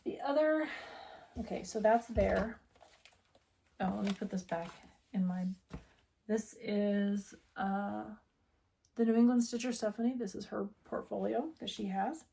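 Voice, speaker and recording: A woman's voice: medium pitch, a little slow, creaky, pauses often, dark tone, slight background noise. A middle-aged woman from the United States who owns a needlework shop, chatting casually and rambling as she talks. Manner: chatty, rambling, self-interrupting. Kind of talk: casual chat.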